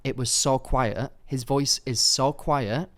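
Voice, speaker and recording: A young man co-hosting a podcast, telling a story in casual chat and acting out quotes with sudden high bursts. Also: takes it slowly. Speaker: podcast co-host.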